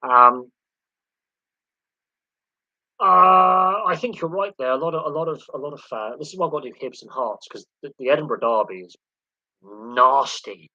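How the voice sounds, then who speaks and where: A man hosting a relaxed live sports Q&A, talking off the cuff. He rambles, stumbles over repeated words and slips in dark jokes. His voice is bright and a little husky, heard dry and close. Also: a little high, moderate pace, long pauses, no echo, highs cut off. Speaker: host of a live sports Q&A stream. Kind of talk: casual live-stream chat answering viewer questions.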